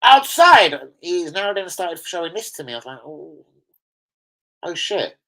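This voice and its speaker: A man's voice: fairly high pitch, lively intonation, normal speed, gravelly, a bit bright, rough recording. A man with a London accent chatting on a live stream about football, slangy and sweary, rambling through anecdotes from indoors at home. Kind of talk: casual live-stream chat.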